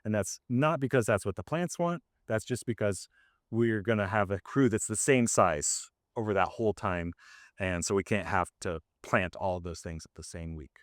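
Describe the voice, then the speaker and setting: A man walking a group around his farm outdoors and explaining his methods in a loose, conversational way full of "like" and "um." His voice is a little hoarse, yet it comes through smooth and close. There is no room echo. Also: lowish voice, moderate pace. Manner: casual and conversational, with many fillers. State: slightly hoarse. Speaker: farmer leading a farm tour.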